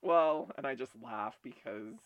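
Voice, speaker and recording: A man's voice: medium pitch, unhurried, no echo, highs cut off. A man co-hosting a casual chat show, telling stories animatedly and laughing often. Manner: giggly, animated storyteller. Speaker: podcast co-host.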